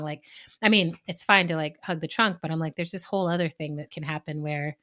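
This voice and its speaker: A woman co-hosting a podcast, telling personal stories in a chatty way with many "like"s and quick laughs. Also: deep voice, a bit bright. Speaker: podcast co-host. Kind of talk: casual chat.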